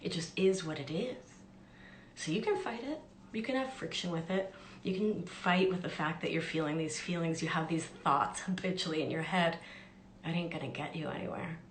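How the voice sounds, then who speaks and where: A woman's voice: low voice, a little fast. A woman life coach and podcast host, chatting casually on a live stream with upbeat, self-deprecating asides. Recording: echoey room with faint background noise.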